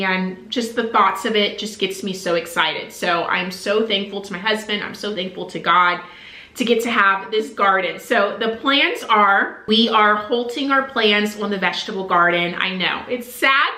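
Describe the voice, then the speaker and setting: A young woman talks to her camera in a casual, heartfelt way, sprinkling "like" through her sentences. Her voice is bright and a little tense. The room around her has a noticeable echo. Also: medium pitch, moderate pace. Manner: earnest and emotional, many "like" fillers. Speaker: vlogger.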